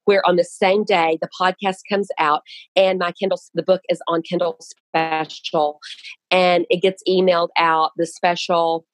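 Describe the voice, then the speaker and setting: Speaking a little slowly in a lowish voice, this author guest talks earnestly and animatedly about writing and putting out her book, often starting sentences over. There's no room sound, but the audio is poor.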